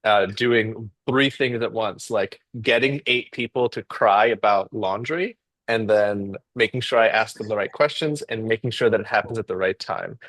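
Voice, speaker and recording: A man who is a guest in a casual conversation, telling a story in an animated way. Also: on the low side, normal speed, no echo.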